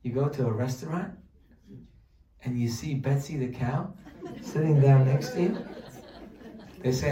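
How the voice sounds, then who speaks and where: A man's voice: medium pitch, measured pace, long pauses, a crowd in the background. A man teaching a religious class, telling a story with humorous asides and explaining Hebrew terms as he goes. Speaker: Torah teacher. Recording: roomy echo, voice from a distance.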